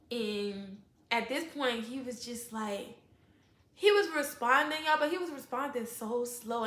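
A young woman tells a fight story for her vlog, animated, blunt and full of swearing, acting out what people said. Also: a little high, echoey room. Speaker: vlogger.

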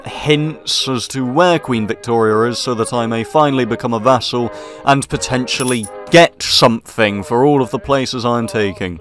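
A man's voice: medium pitch, moderate pace, fairly bright tone. A man commenting over his own gameplay, slipping into a theatrical, mock-posh officer manner with dry jokes. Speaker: gaming commentator. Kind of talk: let's play commentary. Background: faint background music.

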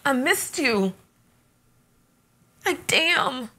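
An actress playing a guilty, defiant ex-fiancée who pleads and accuses by turns. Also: female voice, high voice, big pitch swings, extremely slow, sharp tone, exaggerated voice. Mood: emotional. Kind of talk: romantic drama acting.

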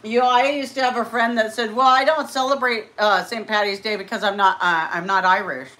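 A woman hosts a casual mukbang livestream, chatting and giggling with her viewers and a friend. Her medium-pitched voice is bright and forceful, holding a steady tone at a fairly quick pace.

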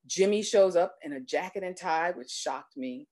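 Expressive, self-deprecating woman storyteller. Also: lowish voice, normal speed. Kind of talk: live personal storytelling.

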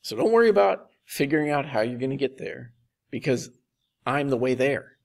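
Gravelly-voiced pastor preaching a sermon. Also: male voice, mid-range voice, lively intonation. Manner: conversational, with slow, emphatic repetition.

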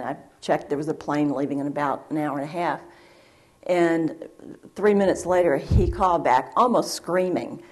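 A woman, a former wire reporter on a panel, telling a lively story and acting out the quotes. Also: lowish voice, normal speed. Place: university event hall.

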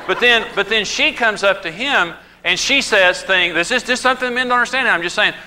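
A man gives a humorous marriage talk with a high, bright voice. He tells lively stories and acts out the voices of the people in them. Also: normal speed. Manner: animated storytelling, acting out quoted voices. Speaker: marriage teacher.

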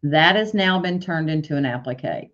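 A woman walking through embroidery software step by step in a tutorial, stopping now and then to correct herself. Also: low voice, lively intonation, moderate pace. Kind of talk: screen-share software tutorial. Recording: dull lo-fi sound.

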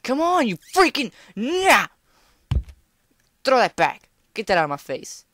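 At home, a young woman commentates a casual let's-play, talking to the screen with playful outbursts and teasing. Her fairly high, somewhat bright voice swoops wildly in pitch at a measured pace.

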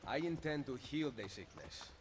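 A man's voice: mid-range voice, sing-song, moderate pace, noisy background, lightly acted. An actor playing a resolute male master assassin who speaks earnestly and steadily in a video game.

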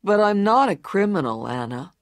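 A woman voicing a big, rough-looking but kind adult male boxer in a storybook reading, speaking slowly, low and gently. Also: big pitch swings, dry recording, studio quality. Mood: gentle.

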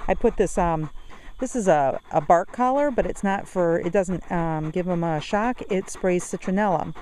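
A woman's voice: fairly low pitch, moderate pace, a little hiss or hum, poor audio. Woman coaxing and commanding her dogs outdoors. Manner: coaxing baby talk mixed with sharp commands. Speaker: dog owner. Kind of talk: casual vlog chat. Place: outdoor dog yard on a windy, chilly day.

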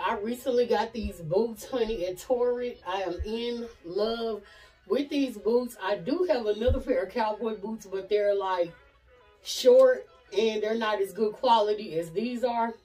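Friendly, chatty Southern woman who calls the viewers "y'all" and "honey"; mid pitch, a little far from the mic. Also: dark tone. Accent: Southern American. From Nashville, USA. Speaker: fashion vlogger. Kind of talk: casual try-on chat to camera.

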